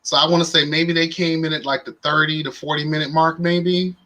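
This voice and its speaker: Sassy, bright-voiced male livestream host. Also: a little high, level tone, fairly quick. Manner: sassy and playful, calls viewers "child" and "honey". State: tired. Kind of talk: casual livestream commentary.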